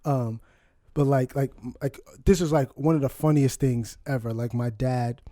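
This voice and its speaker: A young man telling a funny family story on a podcast, animated, often laughing and acting out quotes. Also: mid-range voice, normal speed, dry recording, studio quality. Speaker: podcast co-host. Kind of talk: casual storytelling chat.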